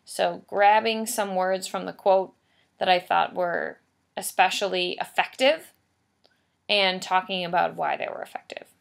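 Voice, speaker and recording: A woman's voice: fairly low pitch, a little slow, gravelly. A woman teacher giving a recorded writing lesson, explaining patiently and stressing key points by repeating them. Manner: patient, explanatory, emphatic repetition.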